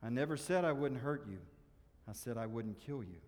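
A man voicing a mighty male angel who speaks in a calm, firm, measured way. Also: mid-range voice, big-room sound, lightly acted. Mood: calm stern.

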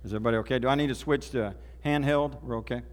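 A man's voice: medium pitch, steady tone, rapid-fire. A man from Oklahoma, preaching a sermon in a folksy, conversational storytelling way. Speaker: pastor. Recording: reverberant hall.

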